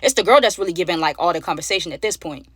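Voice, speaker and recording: A woman telling a story time to her viewers, animated and slangy, talking straight to them. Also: fairly low pitch, rapid-fire, breathy edge, no room sound. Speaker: storyteller, channel host.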